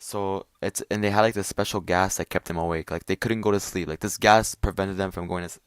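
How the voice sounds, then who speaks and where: Low-voiced young man rambling. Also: steady tone, brisk, clear, resonant tone, no echo, studio quality. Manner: profane, rambling, full of fillers and restarts. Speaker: vlogger. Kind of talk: rambling casual monologue. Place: at home late at night.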